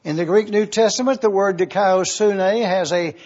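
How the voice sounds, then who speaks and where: A man preaching a sermon to a congregation, teaching slowly and deliberately and spelling out Greek words letter by letter. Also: high-pitched, darkish tone, lo-fi sound. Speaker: pastor.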